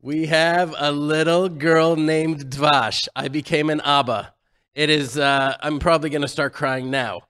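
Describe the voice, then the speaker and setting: Emotional storytelling man, fairly high voice. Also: steady tone, measured pace, fairly bright tone, clean tone. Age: 40s. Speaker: radio co-host. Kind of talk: casual radio chat.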